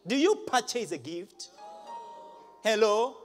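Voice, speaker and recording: High, lively man preaching to a congregation. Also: takes it slowly, faint music behind. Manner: emphatic, rising to shouts, asks the crowd questions. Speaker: pastor. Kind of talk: live preaching. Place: large church hall.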